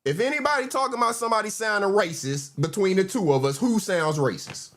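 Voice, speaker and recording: A man's voice: sits high, lively intonation, fairly quick, fairly bright tone. A man in casual panel chat, arguing and repeating his questions.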